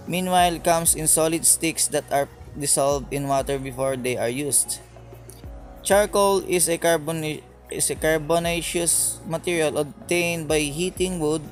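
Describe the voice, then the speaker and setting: A man reading a lesson presentation from a script, stumbling and restarting on words. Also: fairly high pitch. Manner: reads slowly from a script with frequent slips and restarts. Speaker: student presenter. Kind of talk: read-aloud lesson presentation.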